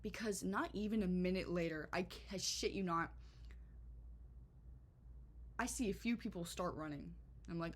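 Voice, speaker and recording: A young woman telling a storytime vlog in a chatty, animated way, full of swearing and filler words. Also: a little high, measured pace, pauses often. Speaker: vlogger.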